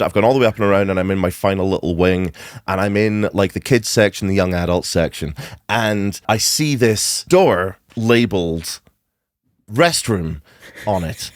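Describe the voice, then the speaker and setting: A young adult man co-hosting a podcast, telling a comic story in a lively way and laughing through it. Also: on the low side, dry recording, clean studio sound. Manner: animated, laughs through his own story. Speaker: podcast co-host. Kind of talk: comedic storytelling chat.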